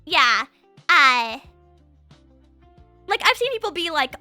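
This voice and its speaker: A young woman streaming at home, chatting casually with her chat into a condenser mic, her voice swinging from high and excited to low and quiet. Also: takes it slowly, pauses often, no echo, soft background music.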